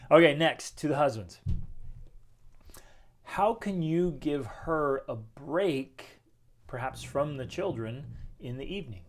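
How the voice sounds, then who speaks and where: Energetic man giving a motivational talk. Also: on the high side, slow, long pauses. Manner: energetic, emphatic, asks rhetorical questions. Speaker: host. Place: home with children playing nearby.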